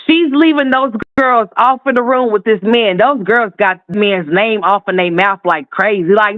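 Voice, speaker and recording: A man with a notably high voice delivers fiery, profane, sassy commentary. The sound is thin and phone-like, with no room at all around it. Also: moderate pace, few pauses, dry recording. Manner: heated, profane, sassy ranting. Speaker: commentary host. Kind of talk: ranting commentary. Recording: tinny phone-like dry sound.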